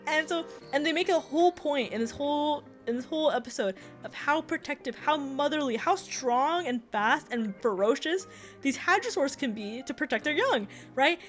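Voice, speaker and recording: High-voiced young woman streamer, animated. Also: moderate pace, soft background music. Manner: animated, swearing, laughing, lots of fillers. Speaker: VTuber streamer. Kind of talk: casual livestream chat.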